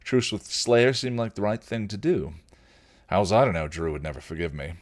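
Guy playing a smirky vampire, low and dry, teasing everyone. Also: normal speed, lightly acted. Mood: wry. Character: sardonic male vampire, wry and teasing.

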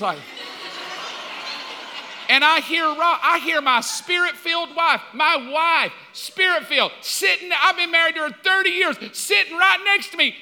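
High, bright-voiced preacher in his fifties. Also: big-room sound. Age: 50s. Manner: animated storytelling, jumps up loud in mock outrage. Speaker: pastor. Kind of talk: sermon.

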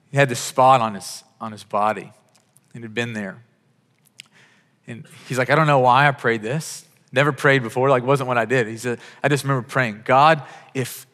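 A man's voice: medium pitch, a bit bright, big-room sound. A man preaching a sermon as a pastor, telling stories with quoted dialogue and frequent restarts.

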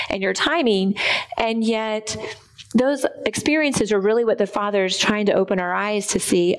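A woman shares her faith in an earnest, reflective way. She pauses now and then as she searches for the right words, and her pitch sits in a middle range. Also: clean tone, poor audio. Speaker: Bible study participant. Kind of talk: faith-sharing discussion.

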